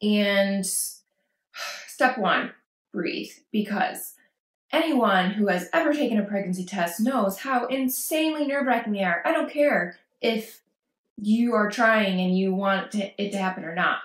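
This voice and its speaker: A woman in a mid-range voice gives chatty parenting advice to camera, reassuring and lively as she acts out anxious quotes. Her voice rings around a bare, echoey indoor room. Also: medium pitch, a little slow. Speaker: parenting vlogger. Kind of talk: casual advice talk to camera.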